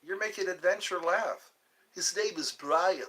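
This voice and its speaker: This livestream host's voice sits high, sounding pushed and bright at a measured pace. He answers viewer questions casually, rambling and joking as he drifts from topic to topic.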